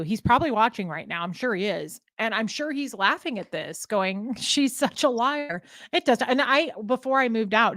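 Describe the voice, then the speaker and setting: A woman's voice: medium pitch, a bit bright, no room sound. Casting: woman host, easygoing chat, dry close sound. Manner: conversational, laughing easily. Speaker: livestream host. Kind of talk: casual livestream chat.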